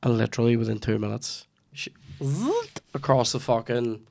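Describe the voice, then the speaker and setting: A man's voice: mid-range voice, level tone, brisk, creaky, darkish tone. A man, hosting a podcast and telling a comic story with plenty of swearing. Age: 30s. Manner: swears freely, restarts lines, acts out his mum in quoted asides. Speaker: podcast host. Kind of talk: casual comedic storytelling.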